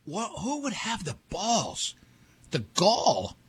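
A man hosting a morning radio show, bantering and running a quiz with quick jokes and frequent laughs. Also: high voice, huge pitch swings, husky. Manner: joking, laughs often, quick asides. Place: radio studio.

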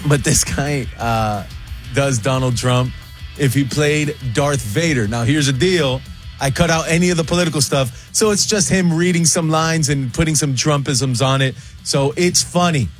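A man's voice: on the high side, normal speed, faint music behind. A male radio host chatting casually and laughing, repeating himself.

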